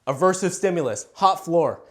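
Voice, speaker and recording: Homem animado explicando adestramento. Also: male voice, on the high side, moderate pace. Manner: animated, checks in with "you see?". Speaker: dog trainer. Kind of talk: explaining to camera.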